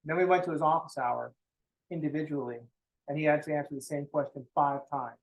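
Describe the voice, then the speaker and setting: A man's voice: a little high, fairly quick, poor audio. A young man teaching a college math class in a casual, blunt way, swearing freely and making joking asides to his students. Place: classroom, also streamed online.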